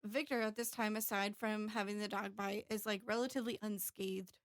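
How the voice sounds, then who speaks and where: A woman's voice: mid-range voice, level tone, a little fast. Candid woman telling a marriage story. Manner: candid, emotional storytelling with fillers. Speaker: podcast co-host. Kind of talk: casual storytelling chat.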